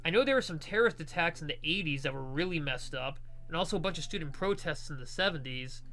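A man's voice: fairly high pitch, animated, quick pace, sharp tone. A young man reading a visual novel aloud and wandering into joking, rambling tangents. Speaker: let's play reader and commentator.

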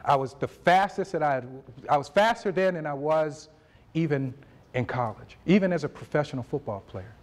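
A man in his forties giving a motivational speech at a university event, telling his story with animated delivery and acting out conversations. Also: on the high side, moderate pace. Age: 40s. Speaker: motivational speaker.

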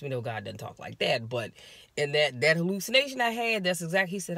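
A woman's voice: low-pitched, brisk, no room sound. An American woman, a life coach, animatedly telling her listeners a personal story from inside her car. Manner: animated, confiding, talks straight to listeners.

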